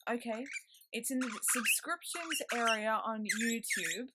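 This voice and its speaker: A woman's voice: a little high, animated, unhurried. Rambling woman on a noisy webcam. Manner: rambling, chatty, with frequent ums and self-talk. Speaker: vlogger. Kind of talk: casual chat to camera. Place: indoor room at home with a noisy pet bird. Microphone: laptop webcam mic. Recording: loud background noise from laptop webcam.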